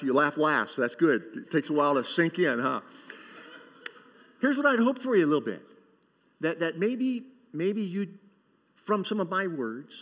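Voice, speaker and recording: A man's voice: on the high side, fairly bright tone. A man preaching a sermon to his congregation, talking in a loose, joking way and often asking them for an amen. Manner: conversational and joking, asks the congregation for responses. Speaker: pastor. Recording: dull sound with long hall reverb.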